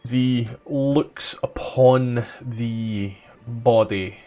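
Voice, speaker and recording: Scottish guy dm-ing a tabletop game, slow easy talk, laid back. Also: mid-range voice, fairly even intonation, dark tone. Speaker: dungeon master. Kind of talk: running a tabletop game, casual chat.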